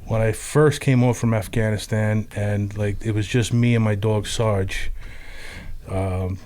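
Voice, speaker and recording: Low-pitched veteran man, plain-spoken and halting, swears freely. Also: fairly even intonation, a little mellow. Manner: frank, loose, halting with blunt swearing. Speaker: army veteran. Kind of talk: casual storytelling.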